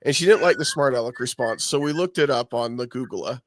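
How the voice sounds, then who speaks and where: A man's voice: mid-range voice, a little fast, dry recording. A man in the middle of his range chats casually on a movie podcast, easygoing and self-deprecating. He often restarts his sentences. The recording is dry and close. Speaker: podcast co-host. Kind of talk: casual chat.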